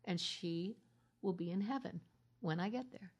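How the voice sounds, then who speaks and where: Earnest woman with a gravelly edge. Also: on the low side, moderate pace. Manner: earnest, sinks into a soft half-whisper at tender points. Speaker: minister sharing her story. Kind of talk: heartfelt conversational testimony.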